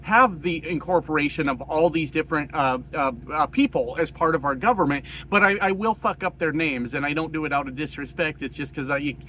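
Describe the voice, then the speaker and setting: A man from rural Colorado giving a casual, profane political rant, hoarse and coughing, rambling with many fillers. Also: fairly high pitch, brisk, few pauses, bright, forceful tone, slight background noise. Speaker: political commentator.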